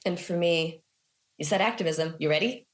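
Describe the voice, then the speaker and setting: Woman, slightly low voice, casual interview, animated storytelling, reflective. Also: moderate pace. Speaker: guest musician. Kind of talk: conversational interview.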